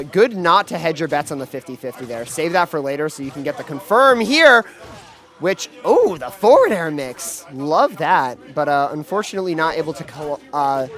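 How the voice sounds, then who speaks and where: A man doing live play-by-play commentary at a gaming event, excitable and full of fillers and restarts. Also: on the high side. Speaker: esports commentator.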